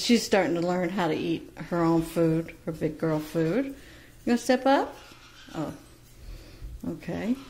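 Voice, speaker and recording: A woman who breeds parrots, talking casually at home to viewers and cooing to her baby birds in a sing-song voice with soft laughs. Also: lowish voice, a little hiss or hum. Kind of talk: casual chat to camera and baby-talk to birds.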